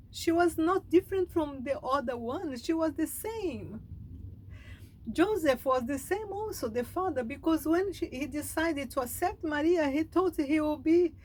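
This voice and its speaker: Slow, high-voiced emotional woman speaker. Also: expressive, mellow, a little hiss or hum, poor audio. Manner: halting, heartfelt, emotional. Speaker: spiritual speaker. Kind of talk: meditative reflection.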